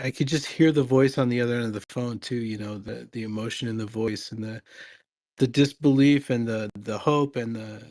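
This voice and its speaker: A man's voice: medium pitch, darkish tone, no room sound. A man, an actor hosting a casual live chat, rambling and laughing often, tired after a long day. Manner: laid-back, rambling, laughs often, swears. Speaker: actor and host.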